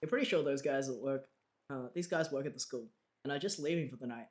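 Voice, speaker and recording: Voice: medium pitch, fast. A streamer reading a game aloud and chatting between the lines in a chatty, giggly way. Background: game music.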